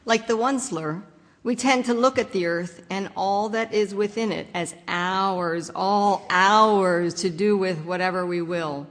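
A woman's voice: mid-range voice, unhurried, big-room sound. A woman preaching a reflective sermon that asks rhetorical questions.

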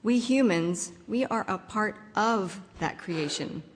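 A woman's voice: medium pitch, animated, takes it slowly, long reverb tail. Reflective woman preaching. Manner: reflective, rhetorical questions. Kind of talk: sermon.

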